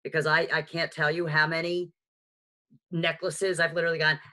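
Chatty New York woman teaching online. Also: deep voice. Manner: lively, chatty and frank, with quick asides and self-mocking jokes. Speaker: sign language teacher. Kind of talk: live online lesson. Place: home, on a video call. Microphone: video call microphone.

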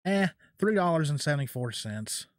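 A man's voice: a little high, moderate pace, no echo, clean studio sound. A man filming a card pack unboxing at home, talking to himself as he sorts cards into piles and gasping and tearing up over his good pulls, speaking into a desk mic. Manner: excitable, gasping, near tears; talks to himself while sorting cards. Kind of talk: casual unboxing commentary. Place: home at night, quiet.

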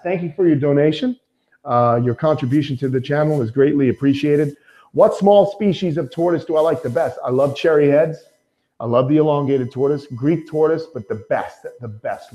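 A man's voice: mid-range voice, dark tone, highs cut off. A man hosting a casual live stream about reptiles, rambling and upbeat, with lots of fillers, greeting viewers by name. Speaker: reptile keeper and channel host.

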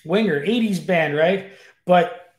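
A man's voice: sits high, takes it slowly. A man as an interview guest, chatting eagerly and rambling with lots of fillers. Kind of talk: casual interview chat. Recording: roomy echo.

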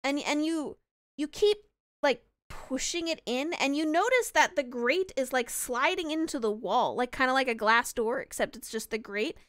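High, smooth-voiced woman game master. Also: lively intonation, moderate pace, fairly bright tone, no room sound. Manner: rambling, many restarts. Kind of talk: narrating a tabletop game.

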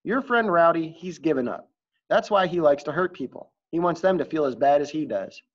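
A man's voice: a little high, animated, normal speed. A man voicing an earnest, passionate male teacher who speaks with urgent pleading, in a dull lo-fi recording. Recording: dull lo-fi audio.

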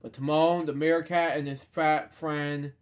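A man reading a children's storybook aloud, stumbling over words and dropping sarcastic deadpan asides. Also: a little high, unhurried.

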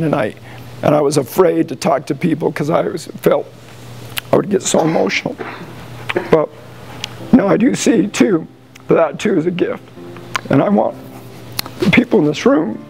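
An American football coach speaking emotionally at a team banquet, halting and pausing as he addresses the room. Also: on the high side, gravelly, darkish tone, slight background noise, rough recording. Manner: halting, emotional, with frequent pauses and restarts. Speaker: high school football coach.

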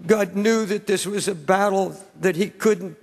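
A man's voice: high voice, a little slow, vocal fry, a little mellow. Older male pastor, impassioned sermon, repeats words, reverberant church hall. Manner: impassioned, repeats words when pressing a point. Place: large church sanctuary.

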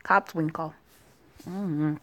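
A woman's voice: sits low, fairly even intonation, takes it slowly, a little hiss or hum. A woman giving casual, joking commentary over a story game, with profane asides. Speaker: gaming channel host.

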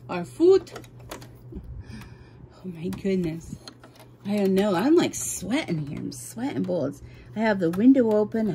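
A flustered woman, chatting to her viewers as she works, apologizing as she goes. Her voice sits at an ordinary pitch. Fan noise hums clearly through the camera mic in her home sewing room. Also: warm tone. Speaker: embroidery vlogger. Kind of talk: casual how-to chat while working. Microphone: camera mic, no microphone on.

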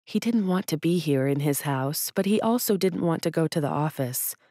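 A woman narrating an audiobook in a calm, even storytelling manner. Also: deep voice, moderate pace, no room sound, clean studio sound. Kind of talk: scripted narration.

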